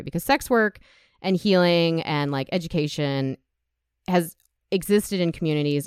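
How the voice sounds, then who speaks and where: Candid woman guest, smooth dry voice. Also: deep voice, dry recording. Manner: candid, emotional, gets choked up. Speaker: podcast guest, sex educator. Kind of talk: casual podcast conversation.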